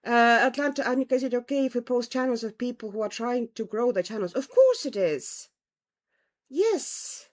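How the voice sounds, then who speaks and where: Streaming from home, an Estonian woman with a vague European accent and a slight Irish twang chats with her livestream viewers, greeting them and laughing often. Her voice is on the high side and expressive, at a normal speed.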